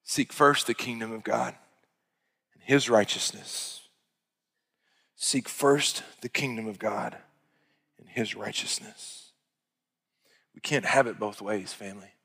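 A male pastor preaching a sermon, rising to loud, high-pitched exhortation and dropping to hushed, quiet passages. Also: steady tone, slow pace, long pauses, slightly rough. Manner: impassioned preaching that swells loud and high, then drops to hushed tones. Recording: long hall reverb.

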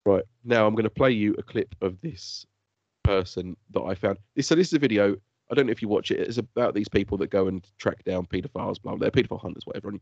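A man co-hosting a casual podcast, excitable and teasing, laughing often. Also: fairly low pitch, fast, vocal fry, no room sound. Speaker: podcast co-host. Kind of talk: casual chat. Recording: dull lo-fi dry podcast audio.

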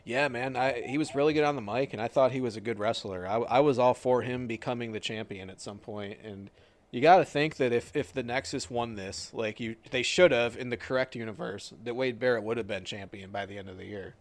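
A man's voice: mid-range voice, fairly quick, no room sound. Casual swearing man with a dry mic. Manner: swearing, joking, animated retelling. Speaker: podcast co-host. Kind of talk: casual wrestling recap chat.

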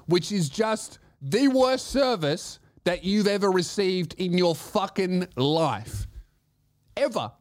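A man giving a comedic podcast monologue as host, ranting sarcastically and swearing freely. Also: high voice.

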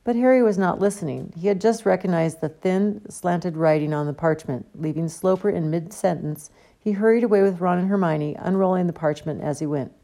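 A woman reading a novel aloud as an audiobook, with steady storytelling delivery. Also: fairly low pitch, fairly quick. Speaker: audiobook reader. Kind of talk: audiobook narration.

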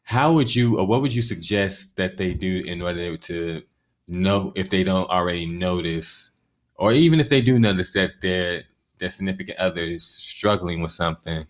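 A man's voice: low voice, moderate pace. A man hosting a podcast, steadily leading the talk and asking questions. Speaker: podcast host. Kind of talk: casual chat.

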